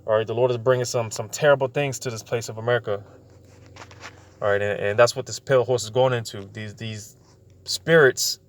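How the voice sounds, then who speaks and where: A man giving an informal bible teaching, stumbling over words with many fillers and repeats, slowing down when he reads verses aloud. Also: mid-range voice. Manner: slows down to read scripture aloud.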